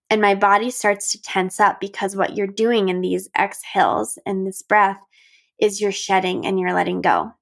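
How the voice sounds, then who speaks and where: A middle-aged woman hosting a podcast, talking calmly and gently as she guides the listener through breathing practices. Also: mid-range voice. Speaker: podcast host. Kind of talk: reflective solo podcast talk.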